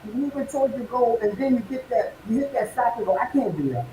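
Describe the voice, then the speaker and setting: A man giving a motivational talk as a podcast guest. He fires off rhetorical questions and builds from calm to fiery like a preacher. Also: extremely high pitch, quick pace, reverberant, slight background noise, rough recording. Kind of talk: motivational speech.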